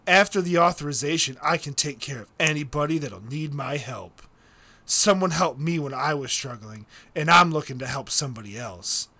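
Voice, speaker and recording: A man voicing a smooth-talking male online scammer who speaks in a low, earnest, reassuring way. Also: animated, moderate pace, pushed and bright, exaggerated voice.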